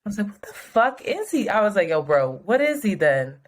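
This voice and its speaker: Woman co-host, casual chat, animated storyteller, frank and profane. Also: medium pitch, fairly quick. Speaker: podcast co-host.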